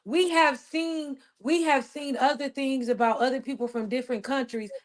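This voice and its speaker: A woman's voice: high-pitched, fairly even intonation, moderate pace. A woman in a heated casual discussion, emphatic and insistent, repeating her points. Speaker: co-host.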